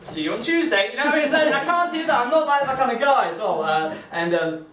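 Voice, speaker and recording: A man's voice: extremely high pitch, fast, fairly bright tone, a little hiss or hum. A young man doing a live stand-up set, rambling and self-deprecating, full of fillers. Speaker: stand-up comedian. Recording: echoey room, mic from far off.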